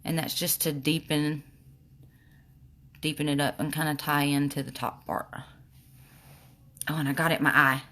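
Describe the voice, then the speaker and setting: A woman's voice: low voice, flat delivery, moderate pace, long pauses, fairly bright tone. A woman with a slight lisp, chatting casually while showing makeup on a livestream. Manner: chatty, reads viewer comments aloud.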